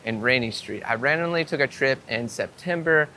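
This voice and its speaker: A man telling a story to camera outdoors in a casual, excitable way, swearing and acting out what people said. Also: mid-range voice, normal speed, a little hiss or hum. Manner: excitable, swearing storyteller with many "I'm like" quotes. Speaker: vlogger. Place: outdoors on a city street.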